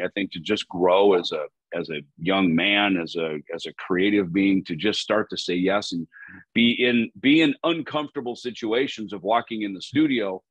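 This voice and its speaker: A man in his fifties, a rock musician guest in an interview, telling stories with lively swings in his voice. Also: no room sound. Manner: animated storyteller, lively pitch swings. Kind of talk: casual interview chat.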